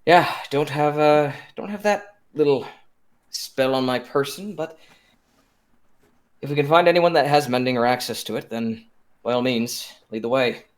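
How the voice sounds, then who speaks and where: Man as a hard-up, frustrated tinkerer who rambles and halts, mid-pitch, tabletop role-play. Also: close to an everyday voice. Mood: explaining. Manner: apologetic, rambling, halting. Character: frustrated male tinkerer adventurer, short of coin.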